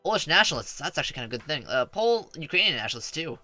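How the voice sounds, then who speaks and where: Bright, lively male game streamer. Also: on the high side, very fast, dry recording, soft background music. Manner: playful, rambling, stammers through restarts. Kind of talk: live strategy game commentary.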